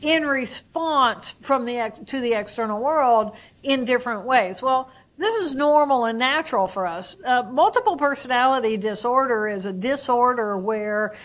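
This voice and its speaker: A woman being interviewed as a neuroanatomist, explaining brain science with animated examples she acts out in voices. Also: a little high, moderate pace, few pauses. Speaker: guest neuroanatomist.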